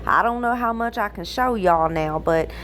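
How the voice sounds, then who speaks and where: A woman hosting reaction commentary in a sassy manner, with drawn-out asides. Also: medium pitch, a bit bright, a little hiss or hum. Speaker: commentary host.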